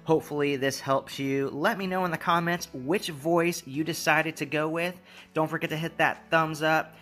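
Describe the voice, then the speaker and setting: A man's voice: a little high, steady tone, moderate pace, a bit bright, faint music behind. A man hosting a tech tutorial, giving easygoing, repetitive step-by-step instructions with casual fillers.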